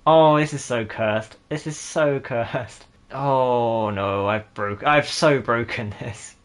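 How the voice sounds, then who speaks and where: A man's voice: mid-range voice, takes it slowly. A man giving sarcastic, jokey commentary while playing a video game, talking to himself and his viewers. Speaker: gaming YouTuber. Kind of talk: casual gameplay commentary.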